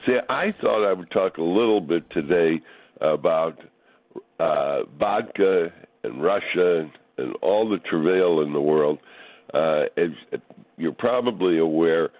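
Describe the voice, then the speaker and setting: A man's voice: low-pitched, lively intonation, a little slow, dry recording. A man, a regular spirits guest, talking casually and unhurriedly with many fillers and restarts. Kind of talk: casual on-air chat. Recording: tinny phone line.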